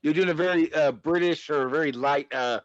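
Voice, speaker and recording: A man making relaxed, chatty asides during a casual script read-through. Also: a little high, moderate pace, no room sound. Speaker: script reader. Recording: dull lo-fi sound.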